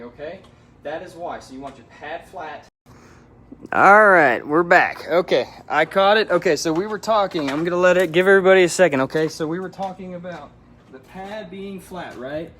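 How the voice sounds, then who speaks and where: A man's voice: a little high, fairly bright tone, distant mic, slight background noise. Man, auto detailer, winded, coaching style, echoey outdoor phone audio, faint background ambience. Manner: coaching, keeps checking in with viewers. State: out of breath from the heat. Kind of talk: live how-to demonstration. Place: outdoors in hot sun beside a car. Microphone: phone camera.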